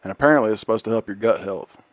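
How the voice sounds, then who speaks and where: A man's voice: fairly low pitch, racing, no echo. Dry-sounding man telling stories with laughs. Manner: animated storyteller, laughs while retelling a comedy skit. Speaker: podcast co-host. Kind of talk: casual chat.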